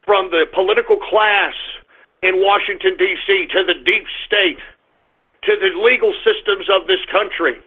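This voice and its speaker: An older man hosting a political talk radio show, delivering a fiery, repetitive ranting monologue over tinny phone-like audio. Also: high voice.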